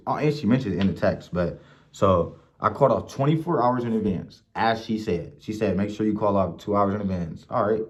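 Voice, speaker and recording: A young man from Ohio with a very low voice tells stories in a loose, profane vlog rant. He gets animated and acts out the people he quotes. The recording sounds dull and lo-fi. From Mansfield, Ohio. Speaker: vlogger. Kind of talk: casual storytelling rant.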